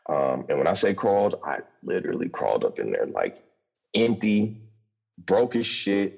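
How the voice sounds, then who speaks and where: A young man with a deep, husky, sing-song voice appears as a podcast guest telling his recovery story. He talks in a loose, profane rush, stumbling through quick restarts and keeping it raw and candid.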